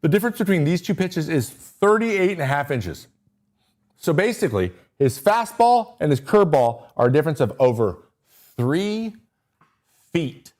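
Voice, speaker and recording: Man, casual livestream host, lively swooping pitch, excitable, keeps getting sidetracked. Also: normal speed. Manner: excitable, easily sidetracked, self-interrupting. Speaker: podcast host breaking down pitchers.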